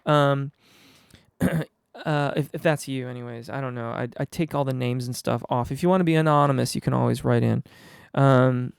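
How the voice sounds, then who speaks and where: A male singing teacher answering viewer questions live, a bit under the weather, explaining in a relaxed way with frequent ums and restarts. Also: medium pitch, moderate pace, vocal fry, clean tone, dry recording, clean studio sound. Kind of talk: live Q&A on voice technique.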